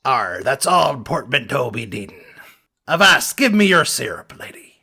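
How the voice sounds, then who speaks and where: A man's voice: mid-range voice, big pitch swings, fairly quick, bright, forceful tone, exaggerated voice. A man voicing a blustering retired quarterback who talks like a pirate. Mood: gruff. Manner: pirate slang, gruff and blustering. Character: swaggering retired male football quarterback talking like a pirate.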